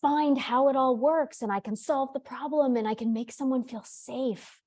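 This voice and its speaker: A woman voicing a calm, kind man who softly reassures a frightened caller. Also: sits high, voice pushed up. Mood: earnest. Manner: soft, slow, soothing.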